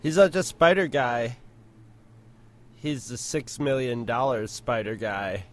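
A man co-hosting a casual podcast chat, joking and trading quick banter. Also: medium pitch. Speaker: podcast co-host.

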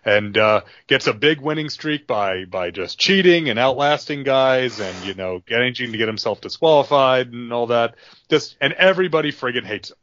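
A man's voice: mid-range voice, lively intonation, normal speed, a bit bright, no echo, muffled recording. Rambling male podcast host. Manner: rambling, with many fillers and restarts. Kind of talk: casual storytelling chat.

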